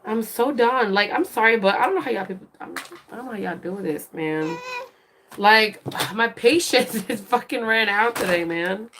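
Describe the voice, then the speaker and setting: A woman's voice: mid-range voice, animated, moderate pace, background noise. A young woman chatting casually on a phone livestream, venting that she is fed up and swearing casually. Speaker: livestream host. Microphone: phone camera.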